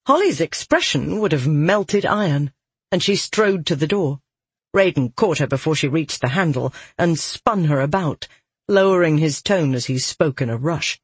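A man reading a fantasy audiobook aloud in a measured, steady narration. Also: on the high side, slightly rough, dry recording.

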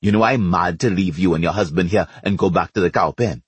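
A man voicing a bossy, sarcastic Trinidadian neighbor who scolds loudly. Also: low-pitched, fairly quick, husky, dry recording. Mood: hurt. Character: gruff, loud grown man, bossy neighbor.

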